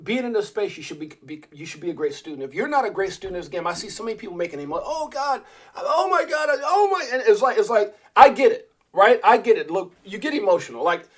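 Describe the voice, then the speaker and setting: Man, high voice, casual livestream host, rambling, many restarts, talks to "guys". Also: animated, fast talker, few pauses. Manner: rambling, restarts often, addresses viewers as guys.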